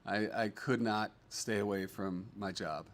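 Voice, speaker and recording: A middle-aged man hosts a casual livestream, reading viewer comments aloud and chatting in an upbeat, rambling way full of fillers. His voice is on the low side and his pace measured.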